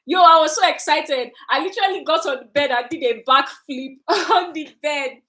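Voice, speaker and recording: A young woman, a candle maker, telling a story to her viewers in a casual, animated way, repeating phrases for emphasis. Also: sits high, moderate pace, poor audio. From Nigeria.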